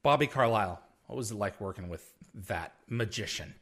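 A man's voice: on the low side, animated, a little fast, fairly bright tone. A man hosting a casual interview, asking questions and reacting with enthusiasm. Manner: enthusiastic, asks questions, brief affirmations. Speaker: podcast host.

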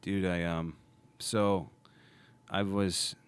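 A man's voice: low-pitched, little pitch movement, extremely slow, clean tone. A man hosting a podcast in casual chat, rambling and restarting his sentences often. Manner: rambling, self-interrupting, many restarts. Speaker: podcast host.

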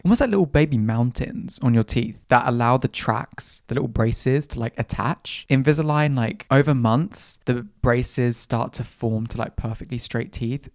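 A man's voice: mid-range voice, vocal fry, a little mellow. A young man hosting his own podcast, chatting in a playful, camp, self-mocking way. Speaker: podcast host. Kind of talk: casual chatty monologue.

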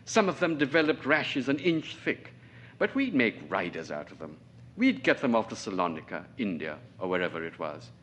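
A man's voice: lowish voice, big pitch swings, moderate pace, a little hiss or hum. A man reading aloud and voicing a stern, domineering colonel who talks down to his staff in a clipped, scornful way. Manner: clipped, scornful, sudden sharp outbursts. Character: stern aging male colonel, cutting, domineering.

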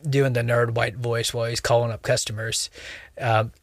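A young man talks through a casual podcast discussion, circling his point with plenty of "like" and "you know" and restarting his sentences. His voice sits at a middle pitch and is recorded close and dry, with no room sound around it. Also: flat delivery, normal speed, vocal fry, no room sound. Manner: rambling, many fillers and restarts. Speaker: podcast co-host.

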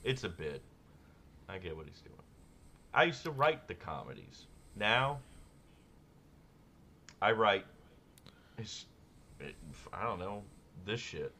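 A man co-hosting a podcast in casual comedic chat, riffing sardonically on absurd dark jokes and laughing often. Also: fairly low pitch, sing-song, takes it slowly, long pauses. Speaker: podcast co-host.

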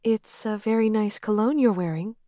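A woman's voice: mid-range voice, normal speed, mellow, dry recording, studio quality, close to an everyday voice. A woman reader voicing a shy, flustered young woman office worker who stammers nervously. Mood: bashful.

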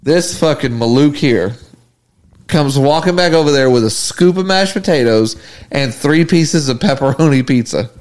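Man telling stories on a podcast, animated. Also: a little high, moderate pace. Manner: animated, profane anecdote-telling. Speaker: podcast co-host. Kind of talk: casual storytelling chat.

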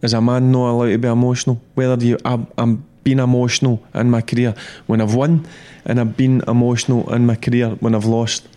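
A middle-aged man, a former player, talking football in a blunt, animated, repetitive way. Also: medium pitch, brisk, hardly any pauses. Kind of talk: casual football chat.

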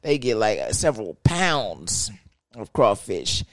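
A man's voice: lowish voice, huge pitch swings, takes it slowly, a bit bright, no echo. A young man telling a profane, slang-heavy story rant.

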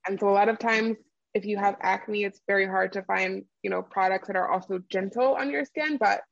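A woman's voice: mid-range voice, fairly even intonation, fairly quick, gravelly, no echo, muffled recording. A woman who founded a skincare brand, explaining her products in an interview with lots of fillers and easy laughs. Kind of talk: conversational interview answers.

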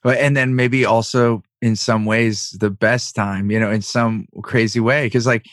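A man's voice: mid-range voice, steady tone, measured pace, no room sound, clean studio sound. A man hosting an interview, thinking aloud in a reflective, rambling way with many restarts. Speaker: host. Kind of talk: conversational interview.

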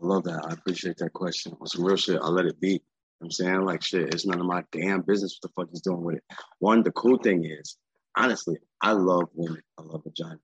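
A man's voice: low voice, steady tone, fast talker, slightly rough, no echo, rough recording. A man talking as a guest in a candid, casual interview, streetwise and profane, rambling and often saying "you know what I'm saying".

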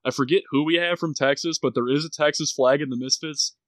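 A man's voice: on the high side, fast talker, no echo. Guy chatting on a call, laid back, says like a lot. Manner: relaxed storyteller, many "like" fillers. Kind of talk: casual group chat.

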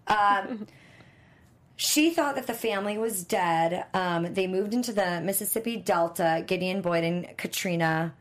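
A woman's voice: medium pitch, unhurried. A woman co-hosting a fan after-show, recapping an episode in casual chat, rambling with lots of ums and uhs. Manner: rambling, filler-heavy storytelling.

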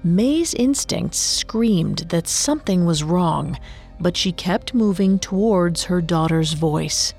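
A woman narrating a story in a slow, dramatic storytelling manner. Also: on the low side, lively intonation, vocal fry, darkish tone, soft background music.

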